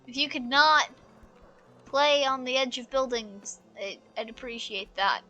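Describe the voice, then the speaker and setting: A woman voicing a gentle, tired elderly woman in a video game, speaking softly and slowly with trailing phrases. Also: high voice, muffled recording, faint music behind. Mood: weary. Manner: soft, slow and weary, with trailing phrases.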